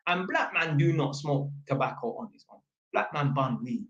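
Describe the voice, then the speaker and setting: A man's voice: mid-range voice, expressive, normal speed, muffled recording. A young man telling a story to camera in casual slang, acting out phone calls in quoted voices, sitting at home. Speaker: vlogger. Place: at home, sitting at a small table. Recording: echoey room.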